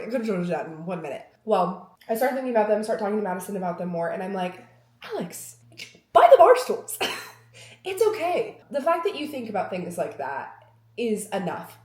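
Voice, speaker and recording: A young lifestyle vlogger talks to the camera from a room at home in a rambling, self-mocking way, acting out small snippets of dialogue. Her voice is lowish and a little mellow, and the recording has a roomy echo.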